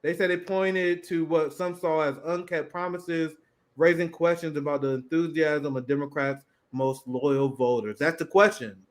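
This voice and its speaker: Reading out headlines and ridiculing them with sardonic, profane remarks, a podcast co-host in his thirties offers casual political commentary. He speaks at a moderate pace in a steady, somewhat high voice.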